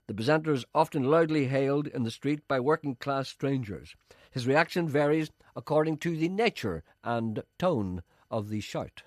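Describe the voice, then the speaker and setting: Northern Irish man, radio host, bantering chat, lively pitch, dry studio sound. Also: normal speed, no room sound. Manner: animated, bantering. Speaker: radio presenter.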